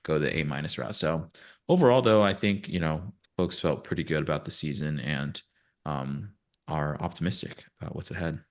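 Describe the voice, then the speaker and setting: A man co-hosting a casual sports podcast, relaxed and hesitant with frequent fillers. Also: rumbling low, normal speed. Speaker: podcast co-host.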